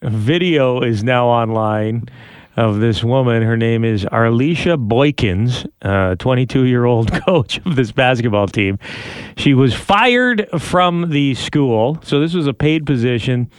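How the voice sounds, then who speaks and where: A man's voice: medium pitch, expressive, clear, resonant tone, no echo, clean studio sound. Chatty man hosting a podcast. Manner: chatty, laughs easily, quick asides. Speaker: podcast host. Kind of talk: casual chat and news reading.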